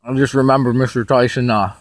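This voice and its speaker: A man's voice: medium pitch, fairly even intonation, fast talker, no room sound. A man telling a dream in a rambling, profane casual monologue, laughing often.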